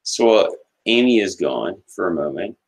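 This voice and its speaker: A man with a very deep voice hosts a casual podcast chat. His pitch moves a lot, and he pronounces every word carefully, often stopping to restart a sentence. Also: animated, moderate pace, breathy edge, poor audio. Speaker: podcast host.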